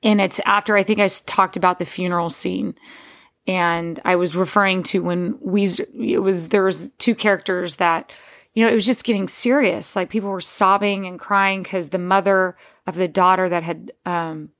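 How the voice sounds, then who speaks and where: Female podcast host, casual monologue, gravelly fry, digressive and chatty. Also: fairly low pitch, steady tone, normal speed, a bit bright. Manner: rambling, digressive, frequent restarts.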